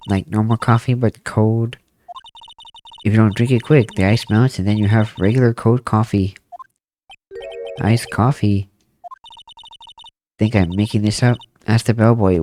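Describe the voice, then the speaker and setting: A man's voice: lowish voice, a little mellow, natural voice. A man voicing a sassy, bratty young woman witness in a game, with a whiny, mocking and indignant manner. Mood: smug. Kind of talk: voicing a video game's text for a let's play.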